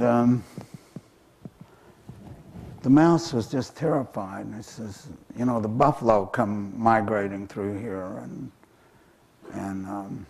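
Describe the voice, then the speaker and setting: A man's voice: lowish voice, darkish tone. A man telling an animal folk tale in a talk, hesitant and full of fillers. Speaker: author and speaker.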